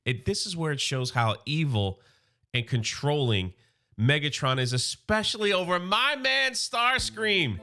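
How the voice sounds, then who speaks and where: A man recapping a comic book in a casual, slangy, excited way. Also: fairly high pitch, unhurried.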